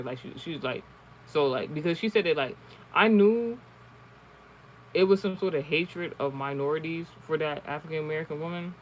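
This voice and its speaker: Man, higher-pitched, casual, profane, rambling, frequent restarts. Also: a little hiss or hum, low-quality recording. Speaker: online streamer. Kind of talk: casual storytelling and card reading.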